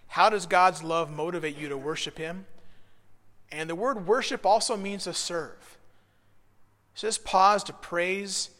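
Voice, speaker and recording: A man leading a devotional Bible study, earnest, moving between hushed reflection and excited praise. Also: high voice, unhurried, long reverb tail. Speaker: pastor.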